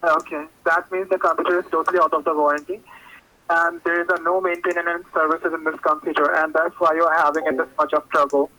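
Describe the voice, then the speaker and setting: A man making a scripted tech support pitch over the phone, pushy and in broken English. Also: little pitch movement, a little fast, sharp tone. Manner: insistent, broken English phrasing. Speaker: fake tech support caller. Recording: tinny phone line.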